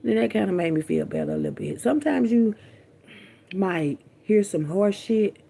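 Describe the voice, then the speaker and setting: A woman's voice: medium pitch, expressive, normal speed, vocal fry, dark tone, husky. A woman vlogger talking candidly and bluntly to her viewers, chatty and profane, often repeating herself. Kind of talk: candid casual storytelling to viewers.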